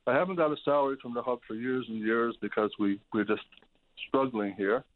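A man, a hoarse charity manager calling in to a radio show, exasperated and pleading, repeating himself. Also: medium pitch, brisk, a little hiss or hum. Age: 70s. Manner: exasperated, pleading, repetitive outbursts. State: hoarse, losing his voice. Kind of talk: call-in radio complaint. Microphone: telephone. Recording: tinny phone line.

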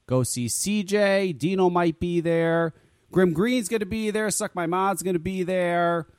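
A man's voice: high-pitched, unhurried, clean tone, dry recording, studio quality. A man hosting a casual talk radio show, joking and swearing, often stammering and repeating words. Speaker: podcast host.

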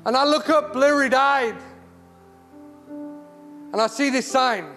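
A man's voice: extremely high pitch, slow, fairly bright tone. A man preaching an impassioned sermon, repeating words as he builds. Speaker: charity CEO, guest preacher. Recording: hall reverb with music.

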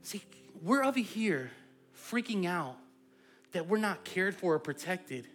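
A pastor delivers a sermon with a lively, swooping voice that rises and falls freely. The delivery is conversational and playful, as though chatting with the congregation. A faint bed of music sits underneath. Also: medium pitch, unhurried. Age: adult parent.

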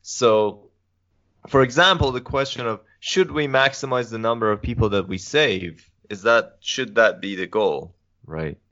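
A young man, a philosophy student, talking through ideas on a podcast in a measured, methodical way with many pauses. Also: medium pitch, fairly bright tone. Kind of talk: casual podcast discussion. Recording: dull lo-fi podcast audio.

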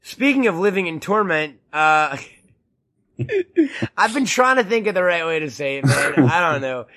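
A man's voice: sits high, very animated, unhurried, bright, forceful tone. A man co-hosting a podcast, joking around in a crude, rambling way with lots of restarts. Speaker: podcast co-host. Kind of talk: casual podcast chat.

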